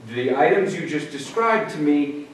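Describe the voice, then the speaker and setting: Halting man on a distant echoey mic. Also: on the high side, lively intonation. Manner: measured, halting, many restarts. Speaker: zoning board member. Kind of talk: public hearing discussion. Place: town meeting room. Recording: echoey room from far off, faint hiss.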